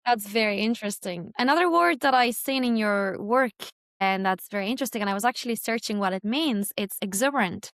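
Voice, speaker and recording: Woman host, Spanish accent, curious chatty questions, smooth clear voice, dry close mic. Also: medium pitch, a little fast, a bit bright, no room sound. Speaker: podcast host. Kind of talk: podcast interview.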